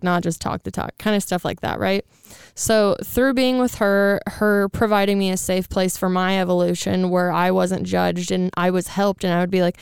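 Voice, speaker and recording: A woman's voice: mid-range voice, fairly even intonation, moderate pace, vocal fry, hardly any pauses, smooth, dry recording, clean studio sound. A woman in her twenties hosting a casual chat, rambling with many fillers and casual swearing. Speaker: podcast host.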